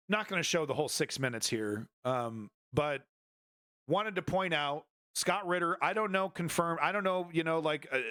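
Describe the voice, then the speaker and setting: A man talking through news clips in a loose, rambling way, full of fillers and restarts, with a sardonic edge. His voice sits a little high for a man. The sound is close and dry, with no room around it. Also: sharp tone, no echo. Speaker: streamer reacting to news footage. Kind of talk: casual commentary.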